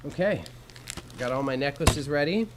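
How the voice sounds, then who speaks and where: A man's voice: fairly high pitch, lively intonation, moderate pace, noisy background. Laid-back Canadian guy streaming. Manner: laid-back, slangy, swears casually, chats with viewers. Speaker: livestreamer. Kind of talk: casual livestream chat while sorting jewelry.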